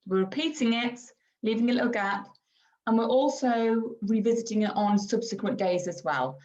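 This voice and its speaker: A woman educator giving a calm, explanatory online training talk over a video call. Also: a little high, lo-fi sound. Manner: calm explaining, slips into slow exaggerated child-directed examples.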